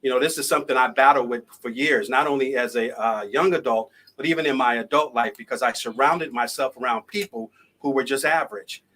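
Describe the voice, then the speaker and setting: Bright-voiced man telling his story. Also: medium pitch, a little fast, few pauses. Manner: storytelling, conversational, lively. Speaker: motivational speaker. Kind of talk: live-streamed personal story talk.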